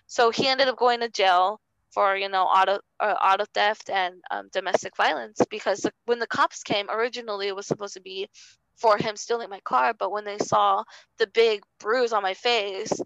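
A young woman speaking in an interview with a gravelly, fry-edged voice that still sounds smooth and full. She talks haltingly and earnestly, restarting phrases and leaning on fillers. The sound is close and dry. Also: medium pitch, fairly even intonation, a bit bright, dry recording, lo-fi sound. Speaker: interview guest. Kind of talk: personal testimony in conversation.

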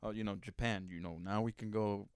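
Male podcast co-host, smooth resonant voice, easygoing chat, dry room. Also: on the low side, steady tone, fairly quick, no room sound. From Spanish-speaking family in the United States. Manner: laid-back, laughs easily. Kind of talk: casual chat.

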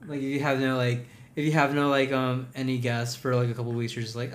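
A man's voice: medium pitch, flat delivery, fast talker. A man guesting on a podcast, chatting casually with a teasing, sarcastic streak. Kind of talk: casual chat.

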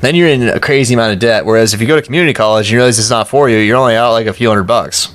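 A man hosting a podcast in casual chat, tossing in quick wisecracking asides. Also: mid-range voice. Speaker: podcast host.

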